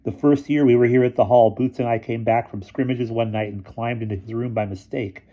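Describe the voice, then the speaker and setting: A man voicing a dramatic teenage boarding-school boy who leads his friends, speaking loudly and indignantly. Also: mid-range voice, fairly even intonation, a little fast, muffled recording, pitched above the performer's own voice, close to an everyday voice. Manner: loud, indignant, wailing.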